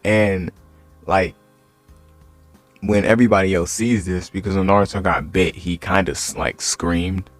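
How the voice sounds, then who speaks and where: Deep-voiced young man rambling a story. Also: fairly even intonation, measured pace, pauses often, dry recording. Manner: rambling, full of fillers like "like". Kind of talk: casual story retelling. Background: faint music.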